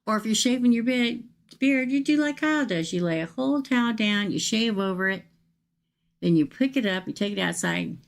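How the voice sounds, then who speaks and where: A woman's voice: a little high, expressive, fairly quick, gravelly. A woman tarot reader, chatting casually and folksily with viewers during a livestream reading.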